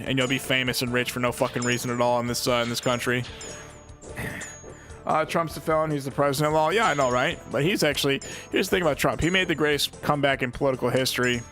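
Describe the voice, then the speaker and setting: A young man streaming live, ranting casually and at length, swearing a lot and filling every pause with "you know what I mean". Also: medium pitch, steady tone, sharp tone, faint music behind. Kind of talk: casual livestream rant.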